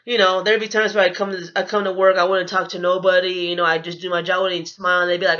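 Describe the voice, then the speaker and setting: A woman's voice: on the low side, little pitch movement, quick pace, hardly any pauses, bright, forceful tone. A young woman telling a storytime vlog in a blunt, profane, indignant rant. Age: young adult. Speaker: vlogger. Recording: dull lo-fi recording.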